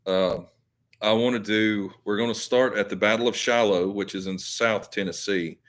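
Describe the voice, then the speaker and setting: Man, very deep voice, rambling live-stream host who talks to his viewers. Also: steady tone, normal speed, a bit bright. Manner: rambling, filler-heavy, self-correcting. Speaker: YouTube channel host.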